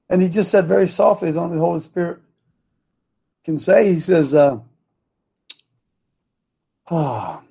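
A man's voice: sits high, unhurried, gravelly, long pauses, dark tone, husky. A man hosting a live talk show, rambling and losing his train of thought as he speaks.

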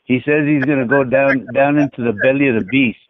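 A man's voice: mid-range voice, brisk, no echo. A man with a Mexican accent calling in to a show, talking in a fiery, eager way. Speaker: caller. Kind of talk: casual call-in chat. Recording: tinny phone line.

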